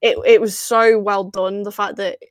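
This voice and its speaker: A woman's voice: mid-range voice, little pitch movement, normal speed, no echo. A woman co-hosting a podcast in casual chat, talking freely and laughing often. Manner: chatty, laughing often, lots of fillers. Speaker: podcast co-host.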